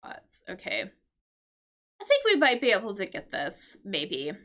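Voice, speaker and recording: A woman's voice: medium pitch, huge pitch swings, measured pace, fairly bright tone. A woman teaching English vocabulary through a crossword, explaining patiently with fillers and check-in questions. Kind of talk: casual livestream lesson solving a crossword.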